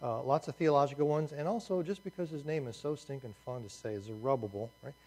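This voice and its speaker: Guy teaching a bible overview, kinda high voice, jokey and lively, moving around a map. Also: fast. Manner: lively, jokey storytelling with asides. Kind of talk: Bible survey lecture.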